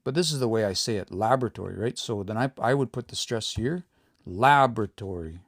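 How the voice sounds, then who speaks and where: A man giving a relaxed livestream language lesson, explaining patiently and thinking aloud as he reads out viewer comments. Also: medium pitch, fairly quick, dry recording, studio quality. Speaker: language teacher.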